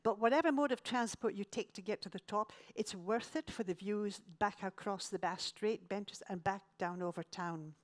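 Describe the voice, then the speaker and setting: A woman's voice: mid-range voice, normal speed, few pauses. A woman from Scotland, giving an illustrated travel lecture with dry, self-mocking jokes.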